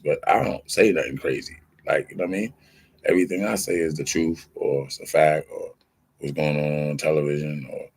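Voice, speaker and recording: Gravelly deep-voiced man ranting on a livestream. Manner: streetwise slang-heavy storytelling, acting out quoted exchanges; insistent, defensive. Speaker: livestream host. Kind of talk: casual livestream rant.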